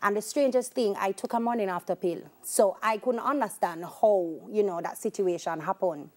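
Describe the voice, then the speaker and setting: A Jamaican woman in her thirties, a talk show guest, telling her life story with candid warmth and slipping into patois. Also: mid-range voice, moderate pace. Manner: shifts into patois when quoting herself, laughs easily.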